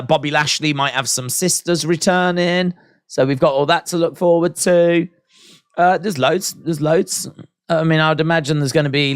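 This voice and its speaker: A man's voice: fairly high pitch, fairly bright tone, clear, resonant tone, no echo, clean studio sound. Joking man reacting on stream. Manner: joking, sarcastic, chats to viewers and reads out chat. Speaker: wrestling watch-along streamer. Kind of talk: live-stream reaction commentary.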